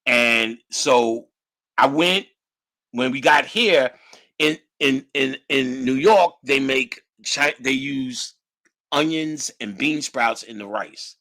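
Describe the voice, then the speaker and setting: A middle-aged man telling casual stories in a lively, profane, slangy way, laughing often. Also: medium pitch, slow pace. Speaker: guest storyteller. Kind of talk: casual storytelling.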